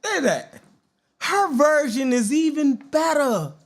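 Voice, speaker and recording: A man's voice: very high voice, very animated, slow pace, over music. A man with a Baltimore accent hosting a podcast in a casual commentary style, who keeps asking his listeners "right?". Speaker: podcast host.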